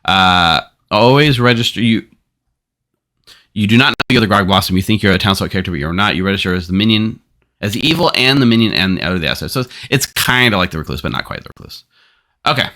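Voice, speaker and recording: A man hosting a streamed game, quickly explaining its rules to players. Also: on the low side, expressive, sharp tone. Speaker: game storyteller and stream host. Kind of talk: running a social deduction game on stream.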